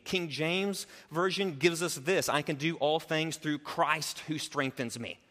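A man preaching a sermon as a pastor, building emphasis and dropping into quick, casual asides. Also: mid-range voice, pushed and bright. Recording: long reverb of a large hall.

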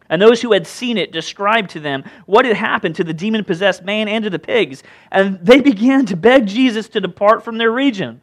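Animated, high-voiced male pastor. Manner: animated, conversational, jokey asides. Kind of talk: sermon.

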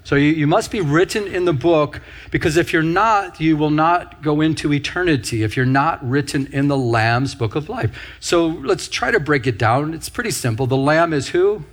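A middle-aged male pastor delivers a teaching sermon in a voice that sits a bit higher than most men's. He talks it through step by step, repeats his key phrases and throws questions out to the congregation. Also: lively intonation, normal speed, hardly any pauses.

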